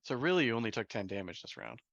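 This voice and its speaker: A man playing in a tabletop game, quick and laughing often. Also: medium pitch, big pitch swings, a bit bright, no echo, dull audio. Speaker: player. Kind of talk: casual tabletop play.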